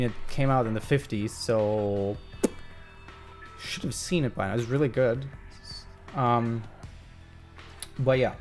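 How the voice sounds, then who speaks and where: Brief: male live streamer, casual, thinks aloud with plenty of fillers, middle pitch. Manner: thinks aloud while working, rambling with many fillers. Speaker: video essayist live-streaming his editing.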